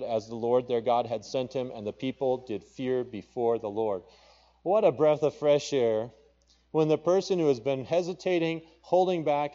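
A man's voice: mid-range voice, dark tone, muffled recording. A male pastor with a Papua New Guinean accent preaching a sermon and reading scripture aloud with rising emphasis. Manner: preaching with rising emphasis, quoting scripture in King James wording.

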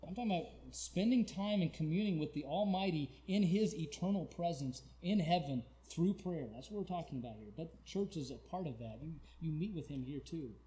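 A man preaches a sermon. He drops to near whispers and then builds to loud, shouted cries, stretching his pleading lines slowly. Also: on the high side, lively intonation.

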